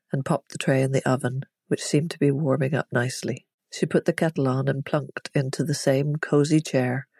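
A storyteller reading a story aloud in a calm, measured and even way. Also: mid-range voice, husky, no room sound, studio quality. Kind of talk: storybook narration.

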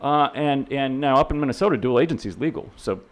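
A man's voice: mid-range voice, quick pace. A middle-aged man, a real estate instructor, telling rambling anecdotes as an interview guest, full of fillers and restarts, acting out the people he quotes. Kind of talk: casual storytelling in an interview.

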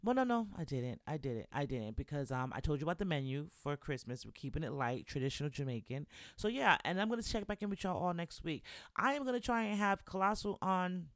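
Chatty man with a higher voice. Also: sing-song, brisk, fairly bright tone, no echo, clean studio sound. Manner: chatty and encouraging, constantly checking in with "right?" and "you know". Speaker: podcast host. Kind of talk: casual solo podcast chat.

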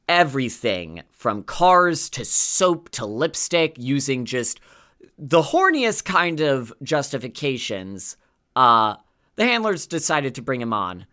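A woman co-hosting a podcast in casual chat, talking in a chatty, animated way with lots of fillers. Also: extremely low pitch. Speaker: podcast co-host.

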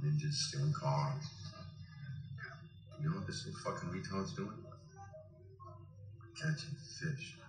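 A man's voice: rumbling low, echoey room, low-quality recording. An actor playing a crude, menacing middle-aged man on a fishing trip, swearing and blustering, in a film scene. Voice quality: profane and blustering.

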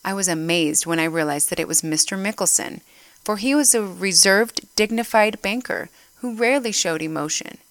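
A woman's voice: medium pitch, normal speed, a bit bright, no room sound. A woman giving an earnest devotional talk, reading a story aloud and getting emotional as she goes. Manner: emotional, earnest, gets choked up. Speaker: church speaker.

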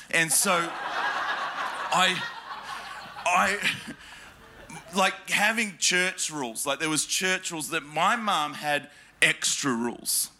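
Bright, high-voiced man telling comic stories. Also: slight background noise. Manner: animated, laughing often, with sound effects. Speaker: speaker telling funny stories to an audience. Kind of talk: comic storytelling to a live crowd.

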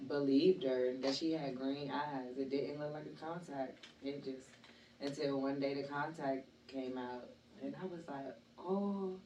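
A woman's voice: rumbling low, fairly even intonation, a little slow, warm tone. A woman interviewer in casual chat who laughs easily and trades anecdotes. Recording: echoey room, mic from a distance, faint hiss.

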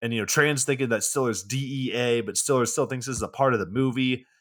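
A man's voice: mid-range voice, quick pace. A man co-hosting a podcast, casually recapping a movie plot in a loose, profane way with lots of fillers. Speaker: podcast co-host.

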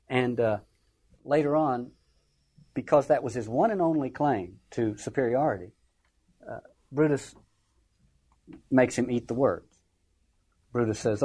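A man's voice: medium pitch, lively intonation, a little slow, pauses often, darkish tone, husky, poor audio. A man giving an informal lecture on a play, talking wryly and acting out the quotations. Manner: conversational, wry, acts out quotations. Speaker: literature lecturer.

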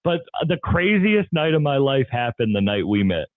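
A man's voice: medium pitch, sing-song, normal speed, no echo. A man who is a comedian guest, telling wild stories in casual chat and laughing often. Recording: tinny phone-like line, dry.

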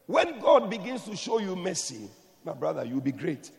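A man preaching a sermon emphatically, moving from soft explanation to shouted blessings. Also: sits high, big pitch swings, normal speed, creaky, long reverb tail.

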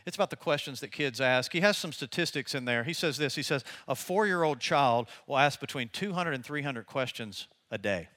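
An older man preaches with a bright, forceful voice at an ordinary pitch. He speaks in a conversational way and tells lively family stories, laughing as he goes. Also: a little fast, few pauses. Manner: conversational, animated storytelling with laughter. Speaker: pastor. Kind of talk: sermon.

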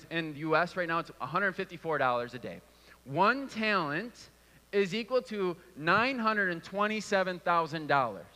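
Male preacher, fairly high, bright tone, casual sermon delivery in a reverberant hall. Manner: conversational, repeats words when restarting.

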